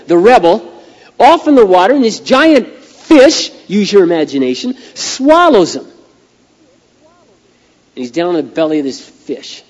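Middle-aged pastor, folksy, in a reverberant hall. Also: male voice, high voice, measured pace. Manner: animated storytelling, folksy. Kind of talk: sermon.

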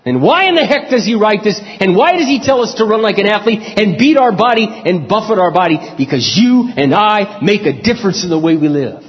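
Middle-aged guy preaching, high voice, muffled lo-fi sound, big echoey church hall. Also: brisk, few pauses. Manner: animated preaching, acting out prayers and quotes. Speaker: pastor. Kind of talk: sermon. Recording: dull lo-fi recording in a reverberant hall.

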